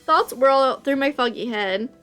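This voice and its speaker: High-voiced woman reading a visual novel. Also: unhurried, clear, resonant tone, faint music behind. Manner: emotional, bursts into excited reactions.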